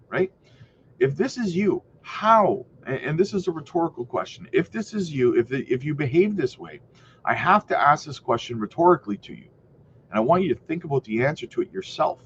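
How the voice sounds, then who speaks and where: A man talks to his viewers with a lively, swinging delivery, pressing his points and asking questions he answers himself. His voice sits a little high for a man. The sound is dull and lo-fi, with a faint hum of room ambience behind him. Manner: animated, emphatic, rhetorical, repeats "right?". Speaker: crypto channel host. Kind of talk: casual commentary to camera.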